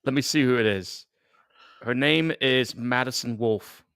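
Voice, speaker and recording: A man's voice: medium pitch, measured pace, fairly bright tone, clean tone, dry recording, clean studio sound. A man from England, co-hosting casual live movie commentary, laid-back, chuckling and swearing casually. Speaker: co-host.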